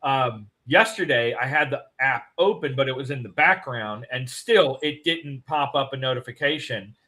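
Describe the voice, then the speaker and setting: A man with a bright, forceful voice chats casually as co-host of a morning show. He tells his stories in long, rambling runs. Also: mid-range voice, moderate pace, low-quality recording. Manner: rambling storyteller.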